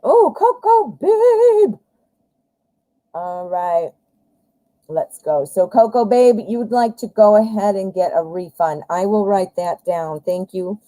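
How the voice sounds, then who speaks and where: A woman's voice: fairly low pitch, a little slow, mellow, dry recording, poor audio. A woman hosting a live tarot reading, talking casually and bluntly with lots of fillers and the odd swear word. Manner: chatty and blunt, swears, frequent fillers and self-corrections.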